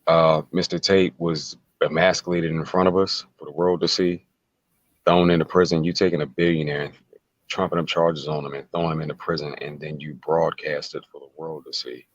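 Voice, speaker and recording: A man's voice: a bass voice, flat delivery, brisk, no room sound, lo-fi sound. A man talking as an interview guest, emphatic and casual, repeating words and firing rhetorical questions. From United States.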